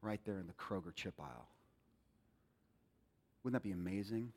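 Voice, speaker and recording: A man preaching a sermon as a pastor, animated and calling out questions to the congregation. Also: deep voice, normal speed. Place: church sanctuary. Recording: long hall reverb.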